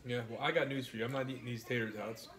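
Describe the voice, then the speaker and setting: A man's voice: mid-range voice, quick pace, a little hiss or hum. Easygoing New York man chatting. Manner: relaxed, joking, reads viewer comments aloud. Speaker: live-stream host. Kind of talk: casual live-stream chat while eating.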